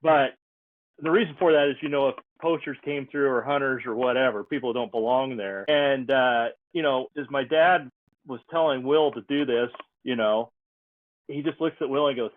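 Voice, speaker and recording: A man's voice: mid-range voice, normal speed, dry recording. A man hosting a podcast, folksy and joking as he asks questions, with lots of fillers. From ranch in the Nebraska Sandhills. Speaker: podcast host. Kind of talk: casual podcast chat. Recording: tinny phone-like line, dry.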